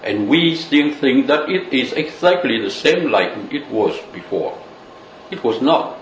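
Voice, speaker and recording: A man's voice: mid-range voice, lively intonation, unhurried, dull audio. A man giving a loose, conversational Buddhist teaching full of "you know" fillers. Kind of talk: dharma talk. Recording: echoey room with faint noise.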